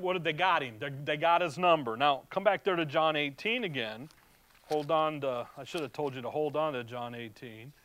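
A man with a high, clear and resonant voice leads a verse-by-verse Bible teaching. He reads the old scripture aloud and then breaks it down in loose, conversational asides. The recording is close and dry, with no room sound. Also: fairly bright tone, no room sound.

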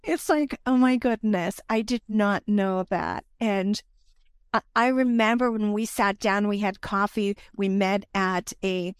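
Woman guest on a podcast, mid pitch, dry close sound, warm and affirming. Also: unhurried, clear, resonant tone, no echo. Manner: warm, touched, affirming replies. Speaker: guest speaker. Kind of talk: podcast interview.

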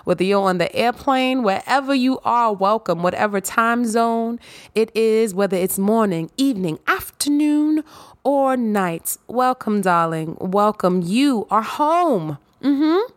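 A woman's voice: a little high, lively intonation, no room sound. A woman hosting her own podcast in a casual monologue, playful and sassy, drawing out her words and dropping in little hums of agreement. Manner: playful, giddy, sassy, with drawn-out affirmations. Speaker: podcast host.

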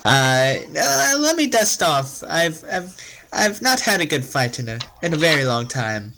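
A man's voice: a little high, big pitch swings, creaky, pushed and bright, slight background noise, heavily acted, poor audio. A man doing a haughty alien tyrant. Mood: boastful. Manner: haughty, drawn-out threats with hesitant fillers. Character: cold arrogant alien tyrant, male, boastful.

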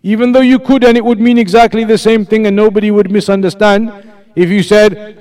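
A man's voice: high voice, moderate pace, a little mellow. A man teaching an Islamic lesson, explaining points patiently, repeating them and putting questions to his students.

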